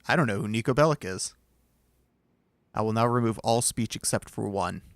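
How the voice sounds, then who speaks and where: A man's voice: lowish voice, moderate pace, no room sound. A man streaming from home, chatting casually with his viewers in a rambling, self-deprecating way.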